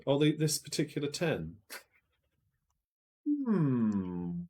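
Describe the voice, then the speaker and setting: Low-voiced man hosting a quiz. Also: a little slow, darkish tone. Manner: chatty, reads out viewers' guesses and checks answers aloud. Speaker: quiz show host. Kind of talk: live-streamed quiz hosting.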